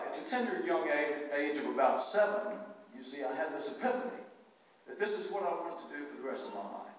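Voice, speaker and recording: A man's voice: mid-range voice, a little hiss or hum. Guy giving a graduation speech, folksy storytelling, big echoey hall picked up from far off. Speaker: commencement speaker. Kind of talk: commencement address. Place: arts center stage, large hall.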